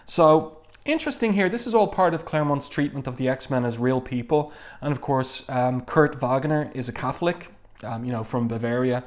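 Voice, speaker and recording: A man's voice: medium pitch, lively intonation, normal speed. A man casually reviewing a comic book, reading panels aloud and chatting about them, with lots of "uh" and "um" along the way. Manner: conversational, many fillers, reads quoted lines plainly.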